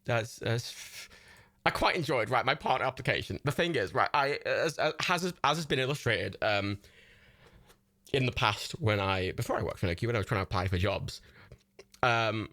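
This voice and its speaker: A man's voice: mid-range voice, animated, normal speed, sharp tone, dry recording, studio quality. A young man hosting a livestream, rambling and swearing in casual chatter, laughing often and mocking himself. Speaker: livestream host.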